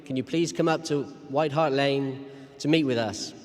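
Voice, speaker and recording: A man's voice: medium pitch, moderate pace, in a large hall. A man at a memorial earnestly recalling how he first met his old manager. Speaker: memorial speaker. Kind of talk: eulogy anecdote.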